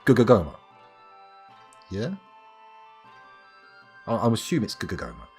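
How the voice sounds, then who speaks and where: A man rambles through a live game stream, poking fun at himself as he goes. His voice is husky, and his pitch jumps around in lively swings. Faint music runs underneath. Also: normal speed. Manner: rambling, self-mocking, jokey. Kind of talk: live gameplay commentary.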